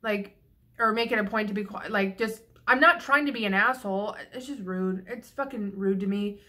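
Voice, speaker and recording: A woman's voice: medium pitch, moderate pace, pushed and bright. A young woman vlogging, venting frankly and profanely in a rambling casual monologue with frequent restarts, a little tipsy. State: slightly tipsy.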